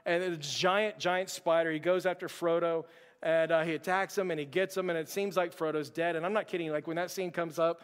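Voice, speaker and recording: A male pastor preaching to his congregation in a large, echoing sanctuary, his voice sitting high for a man. He speaks earnestly and directly to the church, often repeating words as he restarts his thoughts. The long reverb of the hall trails behind each phrase. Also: fairly even intonation, fairly quick, clean tone. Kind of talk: sermon.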